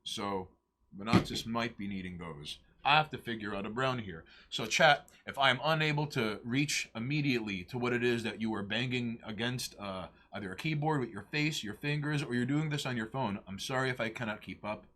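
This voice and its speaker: A man with a bright, sharp voice cracks crude jokes and rambles to his chat during a casual crafting livestream. He talks at an easy middle pitch, drifting between asides while he paints. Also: brisk. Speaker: livestream co-host.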